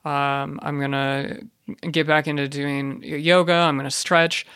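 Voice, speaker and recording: A man hosting a podcast, delivering an ironic comedic monologue in a rambling deadpan way with many fillers and restarts. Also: fairly high pitch, a little slow, clean tone, dry recording, clean studio sound. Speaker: podcast host.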